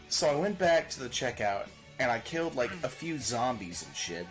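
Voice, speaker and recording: A man of middle pitch rambles to his viewers in a loose, animated way. He laughs, swears freely and keeps going. Music plays clearly behind him on the stream. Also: brisk, few pauses. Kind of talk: casual chat with stream viewers. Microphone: desk microphone.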